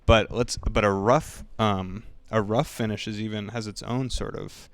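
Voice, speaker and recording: Guy playing along in an improv bit, halting and unsure, lowish smooth voice, dry sound. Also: fairly even intonation, no room sound. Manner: hesitant, halting, with many restarts. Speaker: player. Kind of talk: comedic improvised play.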